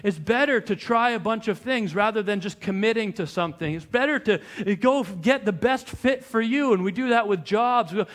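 A young adult man, a pastor, preaching a sermon in a conversational, animated storytelling way with frequent restarts. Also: sits high, normal speed, few pauses.

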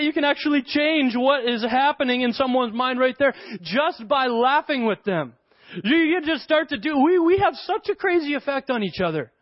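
Guy pastor with a high voice, chatty animated sermon, kinda lo-fi dull recording. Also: no echo. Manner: animated storyteller, laughs often. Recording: dull lo-fi dry sound.

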